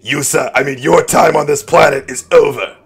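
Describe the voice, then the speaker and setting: A man putting on a shouting gang-boss wrestling promo. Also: a little high, normal speed, gravelly, slightly rough, voice pushed up. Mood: menacing bluster. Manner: loud, over-the-top wrestling-promo bluster. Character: brash male gang spokesman shouting threats. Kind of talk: tabletop role-play in character.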